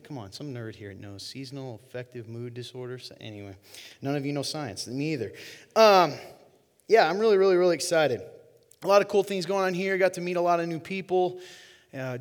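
A male pastor preaching in a church hall, his mid-pitched voice trailing off into a long reverb. He talks to the congregation in a loose, chatty way and drops playful asides to the crowd. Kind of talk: sermon to a congregation.

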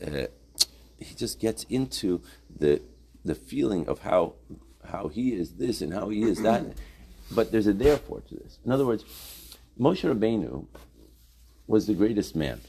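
Low gravelly male Torah teacher. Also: warm tone, slight background noise. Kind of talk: Torah class lecture.

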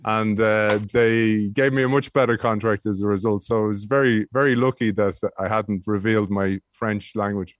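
A man, a guest telling lively anecdotes in an interview, often restarting his sentences. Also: lowish voice, moderate pace, few pauses, dry recording. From Ireland. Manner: animated storyteller with frequent restarts. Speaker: guest, former rugby player.

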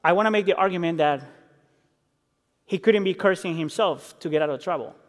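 A man preaching a sermon, acting out quoted lines and building intensity before dropping low and quiet. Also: a little fast. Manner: expressive, acts out quotes, builds intensity then drops low. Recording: reverberant hall.

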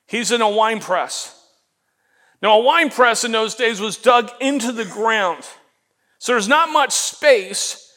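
A man preaching a sermon as pastor, animated and acting out the voices he quotes, often repeating words as he goes. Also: extremely high pitch.

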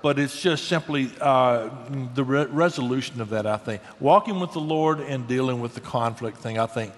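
On a casual Christian talk show, a middle-aged guest speaker talks about marriage at medium pitch and normal speed. He's earnest and folksy and often restarts his words, with long hall reverb on the recording.

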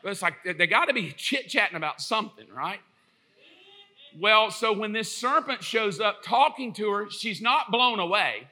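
A male pastor preaching a sermon in an animated, joking storyteller's way, acting out little quotes as he goes. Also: high-pitched, normal speed.

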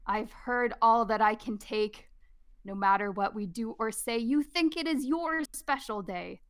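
A woman's voice: a little high, unhurried, smooth, lightly acted. Woman doing a fed-up roaring lion. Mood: exasperated. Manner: loud, exasperated.

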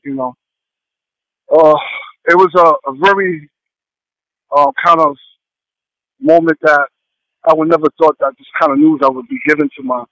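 A man sharing a heartfelt personal testimony, speaking haltingly with many pauses and fillers. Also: on the high side, fairly bright tone, no echo, rough recording. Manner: earnest and heartfelt.

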